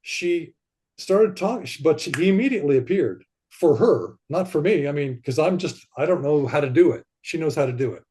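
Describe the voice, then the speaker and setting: A man talking as a podcast guest in casual conversation, rambling and animated, and sometimes acting out the voices he quotes. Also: fairly high pitch, moderate pace, a little hiss or hum.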